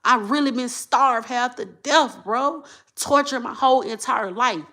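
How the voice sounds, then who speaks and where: A woman, talking straight to her viewers in an emotional monologue. She repeats herself and swings from low muttering to loud outbursts. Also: unhurried. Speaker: vlogger.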